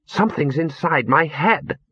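A man's voice: a little high, animated, unhurried, bright, forceful tone, slightly rough, dry recording, dull audio, voice pushed up, exaggerated voice. A man voicing a blunt, matter-of-fact young woman, raising his voice to a lighter tone.

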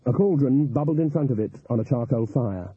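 Man, audiobook narrator, husky voice, lively and animated delivery, tinny phone-like audio. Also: mid-range voice, fairly quick, dry recording. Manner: expressive, lively storytelling.

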